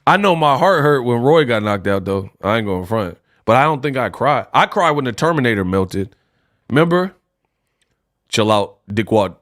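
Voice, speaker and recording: A man's voice: medium pitch, lively intonation, normal speed, a bit bright, no echo, clean studio sound. A young man hosting a casual boxing livestream, joking around and laughing often. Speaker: livestream host.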